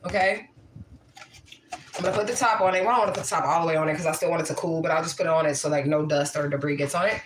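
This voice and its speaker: Loud, profane mother in an echoey kitchen. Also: low-pitched, steady tone, racing. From Midwest US, St. Louis area. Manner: loud, profane, laughing banter. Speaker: livestream host cooking with her daughter. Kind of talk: casual livestream chat while cooking. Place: home kitchen. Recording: echoey kitchen, faint noise.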